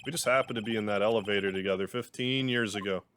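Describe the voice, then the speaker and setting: A man's voice: fairly low pitch, quick pace, a bit bright, clear, resonant tone, lightly acted. A man reading a grave, haunted young prosecutor.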